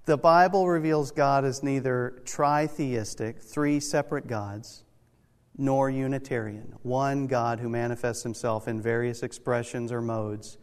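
A man's voice: mid-range voice, fairly even intonation, a little slow. Man teaching a Bible class in a reverberant hall. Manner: explanatory, repeats "okay?" to check understanding. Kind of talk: church teaching session.

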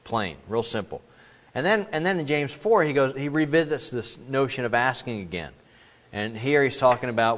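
A middle-aged male pastor preaching in an easy, conversational tone, at an ordinary pitch for a man. He sometimes acts out the voices of the people he quotes with sudden leaps upward. His voice carries the long reverb of a large hall. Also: expressive, normal speed, fairly bright tone. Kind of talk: sermon.

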